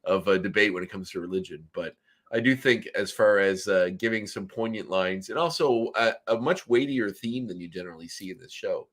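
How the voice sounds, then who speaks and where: A man's voice: lowish voice, a little fast, a bit bright. A Canadian man from Nova Scotia co-hosting a podcast, talking casually with lots of ums and restarts. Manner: rambling, many fillers and restarts. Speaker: podcast co-host. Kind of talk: casual chat.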